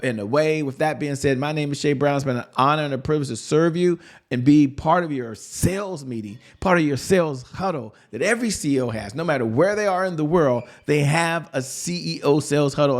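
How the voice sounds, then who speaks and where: Male sales coach and host, mid-pitched, upbeat and repetitive, asks rhetorical questions. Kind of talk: motivational business talk.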